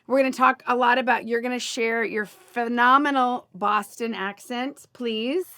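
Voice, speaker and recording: A woman's voice: a little high, fairly even intonation, normal speed, bright, forceful tone. A woman hosting a casual podcast chat as a coach, gushing and enthusiastic, laughing often.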